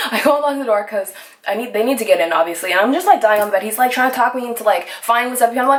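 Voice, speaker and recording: A woman's voice: a little high, racing, roomy sound. A young woman telling a storytime vlog in a casual, rambling way, swearing freely and piling on fillers. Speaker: vlogger. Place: indoors at home, sunlit room.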